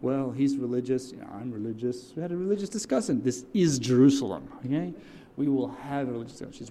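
A man's voice: mid-range voice, quick pace, hardly any pauses, a little hiss or hum. A man who serves as a church deacon, telling a story in a sermon and drawing answers from his listeners. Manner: animated, call-and-response with audience.

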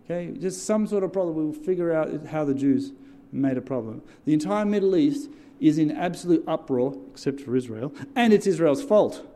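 A man's voice: a little high, normal speed, few pauses. A man who serves as a church deacon, telling a story in a sermon and drawing answers from his listeners. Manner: animated, call-and-response with audience.

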